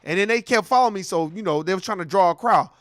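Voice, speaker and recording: A man's voice: sits high, quick pace, fairly bright tone, no echo, studio quality. A man hosting a commentary show, ranting bluntly and heatedly, telling stories with acted-out quotes. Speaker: host.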